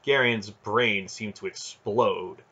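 Husky male fantasy audiobook narrator. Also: on the low side, takes it slowly, muffled recording. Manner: steady storytelling narration. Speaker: audiobook reader.

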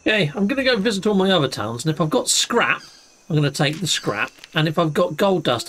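A man's voice: fairly high pitch, fairly bright tone. A man hosting a casual let's-play, chatting and thinking aloud as he plays. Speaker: gaming channel host.

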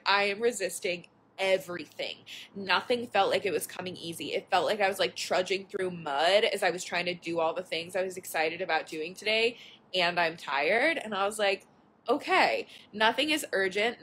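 A young woman talking casually into her phone from the couch, bright and forward in tone. She rambles openly, drops "like" constantly and swears without a second thought. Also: mid-range voice, a little hiss or hum. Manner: chatty, candid, swears casually, lots of "like". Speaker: podcast host. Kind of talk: casual live chat. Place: at home on a couch.

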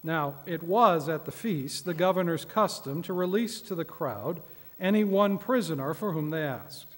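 A man reading scripture aloud at a midweek church service, measured and solemn. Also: a little high, expressive. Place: church sanctuary. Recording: echoey church hall.

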